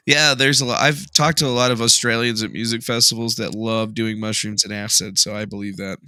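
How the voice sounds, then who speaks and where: A man's voice: lowish voice, steady tone, a little fast, bright, forceful tone, dry recording. A man hosting a livestream in casual chat, laid-back, swearing freely and joking as he scrolls through news. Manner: laid-back, profane, jokey. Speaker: livestream host.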